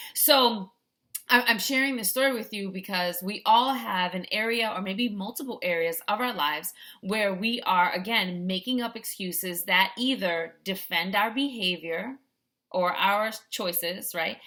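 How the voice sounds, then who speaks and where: A woman's voice: mid-range voice, sharp tone. A middle-aged woman life coach in a chatty vlog, telling a story and often checking in with "right?". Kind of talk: casual vlog talk to camera.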